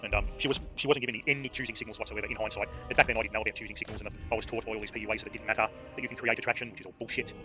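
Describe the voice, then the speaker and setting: A man's voice: on the low side, fairly even intonation, rapid-fire, few pauses. An Australian man telling a casual story while streaming a game. He rambles, swears freely and leans on fillers. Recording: game music playing underneath. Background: game music.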